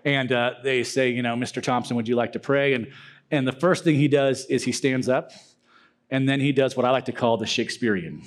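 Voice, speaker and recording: A man's voice: mid-range voice, fairly even intonation, brisk. A young man giving a casual, joking talk to a youth group, acting out silly prayer voices.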